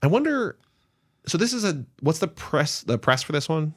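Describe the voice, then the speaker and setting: A man's voice: fairly high pitch, very animated, normal speed, dry recording. Dry-voiced man teasing on a podcast. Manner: dry teasing, reads prepared notes aloud. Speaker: podcast co-host. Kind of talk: casual book-club chat.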